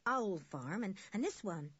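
A friendly young farm boy, voiced by a woman narrator talks cheerfully and proudly. The voice is a little breathy, with a dry, dull recording. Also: medium pitch, animated, measured pace, a bit bright, no room sound.

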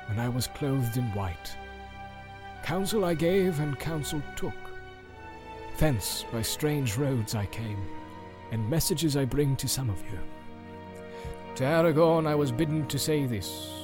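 A man voicing an ancient, grave male wizard who speaks in a solemn, measured way and chants verse, with film music behind him. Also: fairly high pitch. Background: film score music.

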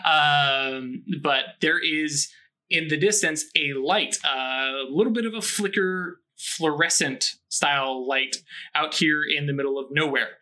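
A man narrating a tabletop role-playing game as game master, rambling and amused with many pauses. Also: on the high side, pushed and bright.

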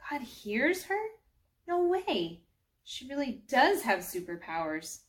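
A woman reading a children's storybook aloud, voicing an excited, curious young girl who keeps asking wide-eyed questions. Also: high-pitched, slow, voice pushed up, exaggerated voice.

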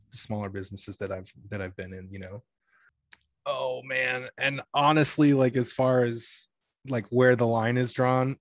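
A man's voice: on the low side, dry recording, studio quality. A young man talking in a casual chat, rambling with lots of filler words and free swearing. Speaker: guest.

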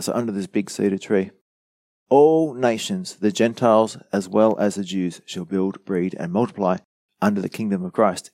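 A man's voice: fairly low pitch, warm tone, dry recording. A man preaching a Bible teaching sermon, earnestly explaining verses, quoting commentators and asking the listeners questions. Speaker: pastor.

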